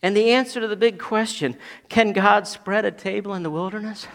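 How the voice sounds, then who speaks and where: A man preaching a sermon as pastor, building to loud emphatic peaks and dropping to quiet asides. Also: high voice, a little fast, long reverb tail.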